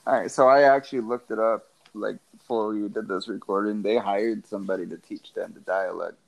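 A man's voice: fairly low pitch, fairly even intonation, brisk, creaky, poor audio. A man co-hosting a podcast, casually and with amusement recapping a movie's plot. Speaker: podcast co-host. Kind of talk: casual movie review chat.

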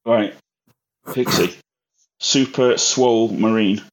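A man's voice: lowish voice, slow pace, rough recording. A man hosting a casual podcast quiz, reading out clues and teasing the players. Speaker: quiz host.

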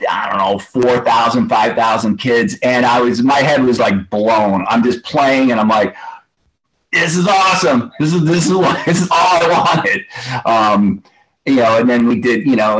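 Man, 50s, drummer guest, casual interview, mid-range voice, animated rambling storyteller. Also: mid-range voice, rough recording. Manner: animated, rambling, casual swearing, acts out quotes.

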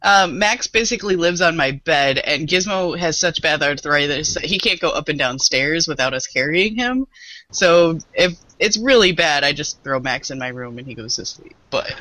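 A woman's voice: low voice, lively intonation, moderate pace, pushed and bright, rough recording. A woman who works with small children, chatting casually on a podcast and laughing often at herself. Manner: laughs often, playful and self-mocking. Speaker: early childhood educator, podcast guest.

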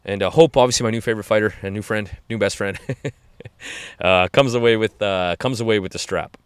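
Chatty forty-year-old man, smooth low voice. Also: brisk, dry recording, clean studio sound. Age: 40s. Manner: enthusiastic, rambling with many restarts and "man". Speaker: podcast host. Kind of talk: casual fight-recap chat.

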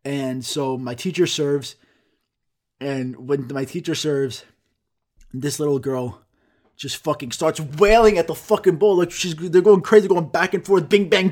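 A man's voice: fairly high pitch, a little mellow. A young man telling a rambling, profane comic story in casual chat, throwing in sound effects.

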